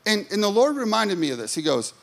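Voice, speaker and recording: A man's voice: high voice, sing-song, fast talker, gravelly, a bit bright. A man preaching a sermon in a chatty storytelling way, asking the congregation questions as he goes. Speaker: pastor.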